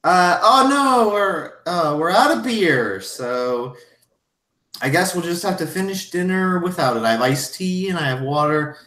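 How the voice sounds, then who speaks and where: A man's voice: animated, unhurried, sharp tone, heavily acted. A man voicing a flustered middle-aged woman who hosts a dinner, recorded from a distance with a roomy echo. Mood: fretting. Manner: flustered, fretful, high-pitched.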